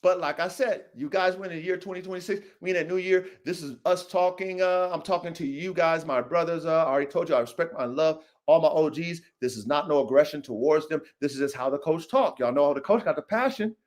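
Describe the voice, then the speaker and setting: Fiery high-voiced man ranting on a livestream. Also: brisk. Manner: fiery, repetitive, swears a lot, keeps saying "O G". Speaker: dog breeder and podcast host. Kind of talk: heated livestream rant. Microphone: livestream mic.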